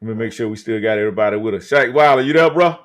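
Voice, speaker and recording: A man's voice: on the low side, racing. Fired-up man hosting a live stream. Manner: emphatic, drawn out, many uh fillers. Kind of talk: casual live-stream talk.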